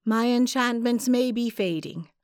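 A woman's voice: a little high, unhurried, a little mellow, dry recording, clean studio sound, voice pushed up, lightly acted. Woman voicing a cold old witch. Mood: menacing.

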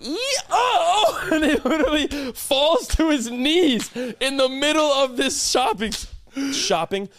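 In a very high voice and at a slightly slow pace, a young man co-hosting a podcast spins an animated story, laughing a lot and acting out people's quotes. The recording is dry.

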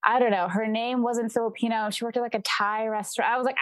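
A woman's voice: a little high, fairly even intonation, fast talker, hardly any pauses, no echo. A young woman guesting on a podcast, chatting casually about acting, with lots of "like" and "you know" and frequent laughs. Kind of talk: casual interview chat.

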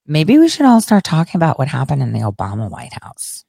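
A woman's voice: low voice, huge pitch swings, a little fast, creaky, hardly any pauses, mellow, husky, no echo. A woman giving casual political commentary, blunt and sarcastic, swearing freely and laughing often.

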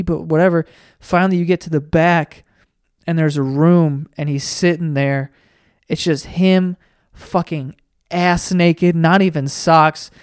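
A podcast host riffing through a profane, rambling comedic monologue with animated storytelling. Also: medium pitch, clear, resonant tone, dry recording, clean studio sound.

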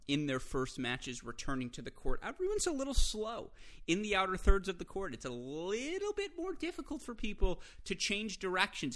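A man from the United States hosting a solo podcast, talking through the week's action in an energetic, conversational way with self-deprecating asides. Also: fairly high pitch. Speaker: podcast host.

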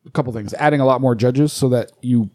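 A man co-hosting a casual podcast, explaining things in a relaxed, rambling way with frequent swearing. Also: mid-range voice, fast talker, no room sound, clean studio sound. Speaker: podcast co-host.

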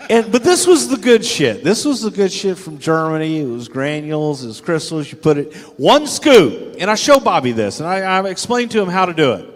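A man's voice: sits high, big pitch swings, brisk, hardly any pauses, long reverb tail. An older man telling a rambling, profane anecdote in a casual chat, acting out the voices of the people he quotes. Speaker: storyteller guest.

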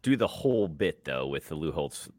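A man's voice: a bass voice, very animated, moderate pace, darkish tone, no room sound, clean studio sound. A man co-hosting a casual sports talk show, teasing and laughing a lot.

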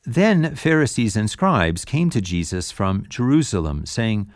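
A man reading scripture aloud as the narrator of a podcast, measured and solemn. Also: lowish voice, big pitch swings, dry recording, clean studio sound. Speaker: scripture reader.

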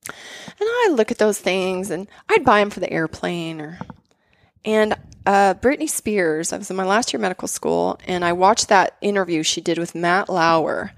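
A woman's voice: on the low side, moderate pace, no room sound. A woman in casual conversation, telling stories animatedly with lots of fillers. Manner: animated storytelling with many fillers.

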